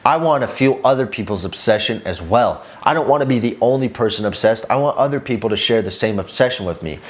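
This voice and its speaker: A man's voice: mid-range voice, expressive, quick pace. A young man vlogging casually, talking with intense drive, swearing often and rambling with lots of fillers. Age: young adult. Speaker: fitness vlogger. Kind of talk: casual motivational talk to camera.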